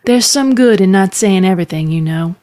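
A woman's voice: medium pitch, animated, a little fast, dark tone, lightly acted. A woman voicing a blunt, matter-of-fact witch aunt who tells plain truths. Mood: earnest.

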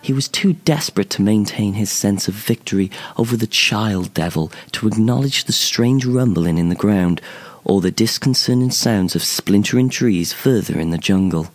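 A man narrating a fantasy short story in a measured, expressive storytelling manner. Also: lowish voice. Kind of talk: scripted narration.

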